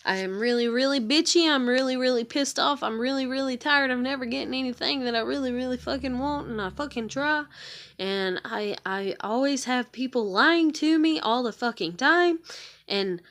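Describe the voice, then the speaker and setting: A woman's voice: high-pitched, normal speed, fairly bright tone. A worn-out woman venting in a casual monologue, ranting with plenty of swearing and sounding near tears. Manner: profane, exasperated ranting. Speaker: vlogger.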